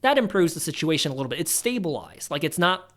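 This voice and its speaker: A man in his thirties hosting a casual stock-analysis tutorial, chatty and animated, dropping jokey asides as he walks through the numbers. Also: on the high side, quick pace. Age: 30s. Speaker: investing channel host.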